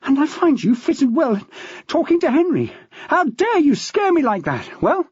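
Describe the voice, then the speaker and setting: A man's voice: very high voice, huge pitch swings, measured pace, darkish tone, no room sound, voice pushed up, full character voice. A man voicing a furious, out-of-breath wife who snaps in a raised voice. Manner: snapping, out of breath. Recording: dull, dry.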